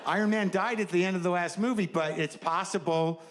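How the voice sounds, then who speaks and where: A man's voice: sits high, brisk, noisy background. Rambling, profane male stand-up comedian. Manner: rambling, profane, conversational riffing. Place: stage before a live audience. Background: faint audience laughter.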